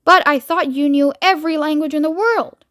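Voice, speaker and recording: Storybook reading: woman as a whiny, scared man president, pleading and squealing high, dry close sound. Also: a little fast, a bit bright, no room sound.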